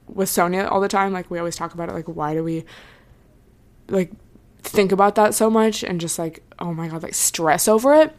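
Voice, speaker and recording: A young woman hosting her own podcast, chatting casually and earnestly, with lots of "like" and trailing thoughts. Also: mid-range voice. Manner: earnest, reassuring. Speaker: podcast host. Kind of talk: casual solo podcast chat.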